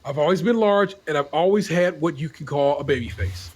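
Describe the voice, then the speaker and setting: A man's voice: a little high, brisk, a little mellow, slightly rough. A man hosting a podcast who reads forum posts aloud in a laid-back, wisecracking, profane way. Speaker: podcast host.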